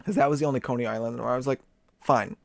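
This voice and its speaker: A man's voice: medium pitch, steady tone, very fast, creaky, a little mellow, dry recording, studio quality. A man co-hosting a podcast in casual chat, exaggerating dramatically and laughing often. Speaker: podcast co-host.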